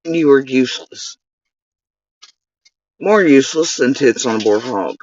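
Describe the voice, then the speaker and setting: A medium-pitched man with lively intonation rants unhurriedly on his own channel, angry and profane, accusing and insulting one person directly to camera. The dull, lo-fi recording is dry with no room sound.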